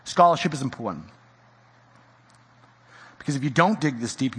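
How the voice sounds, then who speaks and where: A male pastor preaching a sermon in a church, swinging from loud exhortation to hushed intensity. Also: on the high side, fast talker, pauses often, breathy edge, long reverb tail.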